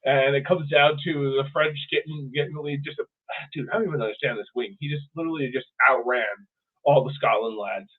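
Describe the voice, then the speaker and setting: A man co-hosting a podcast, chatting casually and profanely about sports in an animated way. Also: mid-range voice, fairly quick, husky. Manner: animated, profane, mimics players in funny voices. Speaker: podcast co-host. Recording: tinny phone-like audio.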